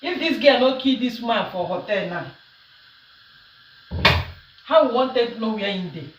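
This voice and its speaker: A woman with a Nigerian accent, a social media commentator, chats and teases while cooking at home, laughing often as she offers casual commentary. Her fairly high voice is animated but unhurried. The recording is roomy and distant from the mic, with faint noise.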